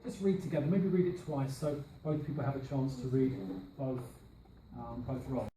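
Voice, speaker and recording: A man's voice: medium pitch, normal speed, mellow. A man teaching a class, modelling phrases with emphatic stress and asking students questions. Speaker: language teacher trainer. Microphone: far camera mic. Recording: roomy classroom from a distance, faint hiss.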